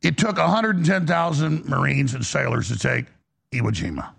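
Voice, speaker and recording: A man's voice: mid-range voice, moderate pace, creaky, a bit bright, breathy edge. A man hosting a talk radio show with callers, talking in a rambling, emphatic way. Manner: rambling, emphatic, mocking quoted voices.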